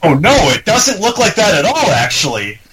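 A man co-hosting a podcast, chatting casually about game trailers, rambling and halting with many fillers. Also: high-pitched, wildly swooping pitch, a loud crowd, low-quality recording. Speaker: podcast co-host.

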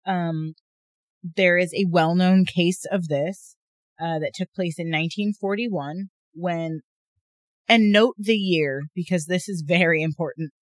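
A woman co-hosting a podcast in casual chat, talkative and quick to laugh, with lots of fillers. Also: lowish voice, fairly even intonation, no echo. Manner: chatty, laughs often, many fillers. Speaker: podcast co-host.

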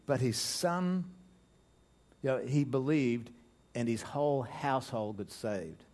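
A man with an Australian accent preaching a sermon as pastor, animated, joking, and often restarting his sentences. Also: medium pitch, slow pace. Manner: animated preaching with jokes and frequent restarts, voice swelling for emphasis.

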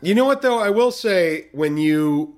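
A man's voice: sits high, animated, unhurried, darkish tone. A man co-hosting a podcast, joking in a casual, crude and profane way. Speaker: podcast co-host. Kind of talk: casual comedic chat.

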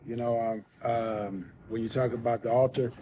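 A man as a podcast guest, telling a personal story in casual talk, soft-spoken and rambling with many restarts. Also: medium pitch, steady tone, moderate pace, a little hiss or hum.

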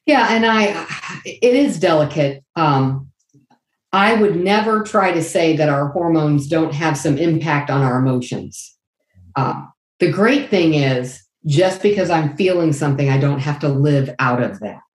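A middle-aged woman with a low-pitched voice speaks earnestly and candidly as an interview guest. She acts out lively quotes as she talks. Her voice rings in an echoey room. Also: a little slow. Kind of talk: faith-based interview answer.

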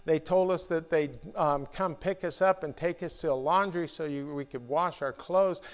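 A middle-aged man preaching a sermon in a church, talking in a slow, halting way with many restarts and fillers. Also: fairly high pitch. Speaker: pastor.

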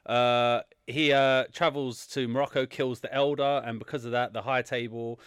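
A man hosts a casual film podcast, teasing his co-hosts and talking through a plot in a loose, rambling way. His voice is smooth and resonant. The sound is close and dry. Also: mid-range voice, fairly even intonation, normal speed, few pauses, a bit bright, no echo. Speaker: podcast host.

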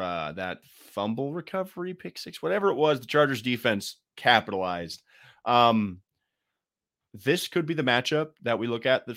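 A man's voice: on the low side, a bit bright. A man co-hosting a casual sports talk show, rambling and joking with lots of fillers and restarts. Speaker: podcast co-host.

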